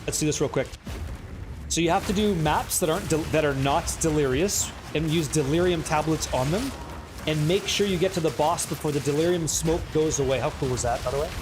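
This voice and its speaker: A man streaming a game live, excitable and profane as he banters with his chat. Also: fairly high pitch, brisk, background noise. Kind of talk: live gameplay commentary chatting with viewers.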